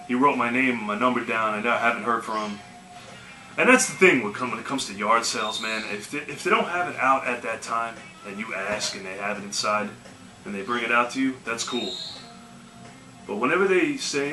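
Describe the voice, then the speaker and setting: A video game collecting vlogger rambles through yard-sale stories in a laid-back way, sprinkling in plenty of "you know" and "man." His voice sits on the low side, pushed and bright, at a moderate pace with frequent pauses. The recording comes from an echoey room with faint music behind him.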